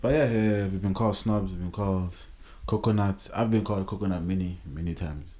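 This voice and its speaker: A young South African man co-hosting a podcast, talking in relaxed, slangy banter. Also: low-pitched, a little fast. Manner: laid-back, slangy banter. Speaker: podcast co-host. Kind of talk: casual chat.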